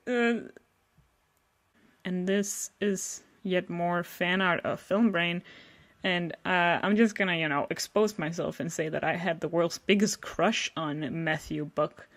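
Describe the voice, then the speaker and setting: A woman's voice: lowish voice, measured pace. A young woman casually commenting on her old artwork, self-mocking, swearing and laughing often, often trailing off mid-sentence. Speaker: vlogger.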